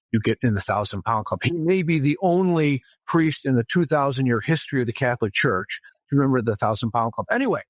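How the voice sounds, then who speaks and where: A man's voice: mid-range voice, dry recording. A man as an interview guest, telling a story casually and with animation, often restarting his sentences. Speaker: guest author.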